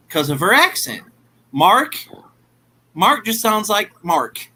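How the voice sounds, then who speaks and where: A man chatting casually on a video call, telling jokey stories in an animated way. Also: high-pitched, takes it slowly, low-quality recording. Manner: animated joking storyteller. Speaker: group chat participant. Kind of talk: casual chat.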